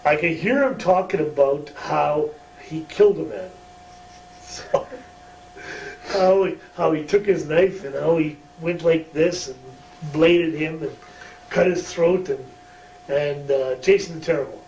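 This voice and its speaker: A man's voice: on the high side, unhurried, creaky, a little mellow. A man, a former wrestler, telling a backstage story in a shoot interview, profane and chuckling. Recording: roomy distant mic, faint hum.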